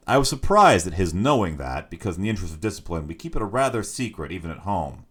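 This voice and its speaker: A man with a very deep, low voice narrating a story aloud for his stream. His reading is measured and expressive, and his pitch moves lively up and down through the sentences. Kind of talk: scripted narration.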